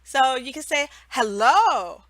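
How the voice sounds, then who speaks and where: High-voiced, slow-talking woman teacher. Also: sharp tone, no room sound. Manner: chatty, checks in with "right?" and laughs often. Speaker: online English teacher. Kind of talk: casual how-to tips.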